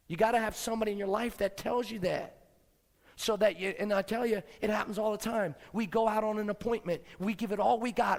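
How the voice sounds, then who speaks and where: A man giving a fired-up motivational business speech, swinging from low, quiet lines to shouting. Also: fairly even intonation, fairly quick, creaky. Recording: long hall reverb.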